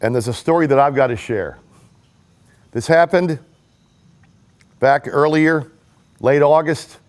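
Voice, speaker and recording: A man's voice: fairly high pitch, unhurried. A man telling a personal story in an earnest, emphatic way, speaking as a political rally supporter giving a testimonial. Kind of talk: personal story told to the camera.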